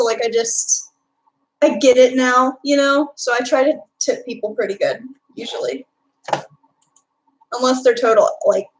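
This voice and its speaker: A woman's voice: on the high side, low-quality recording. A young woman from Texas with a Texan accent, chatting casually on a live stream and answering her chat. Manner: chatty, reads and answers chat, filler-heavy.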